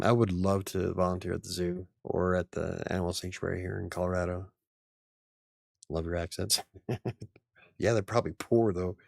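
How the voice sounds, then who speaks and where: Gravelly low-voiced rambling man. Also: no echo, studio quality. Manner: rambling, chuckles often. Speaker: channel host. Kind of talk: casual live-stream chat.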